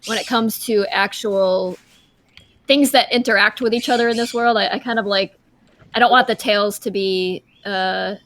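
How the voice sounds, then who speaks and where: A woman's voice: mid-range voice, fairly even intonation, moderate pace, a bit bright, a little hiss or hum. A woman artist answering fan questions on a casual livestream, thoughtful and hesitant, with many fillers.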